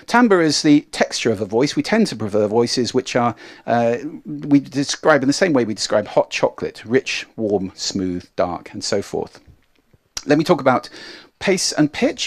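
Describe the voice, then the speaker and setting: Middle-aged male speaking coach from England, lively pitch, demonstrates voices on stage for an audience. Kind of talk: live talk to an audience. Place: stage before a live audience.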